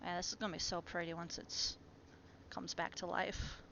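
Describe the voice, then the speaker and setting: Woman rambling on a home stream, bright voice, kinda muffled audio. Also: fairly low pitch, flat delivery, moderate pace, a little hiss or hum. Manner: chatty, talks to her plants and to viewers. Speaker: live streamer. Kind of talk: casual live-stream chat.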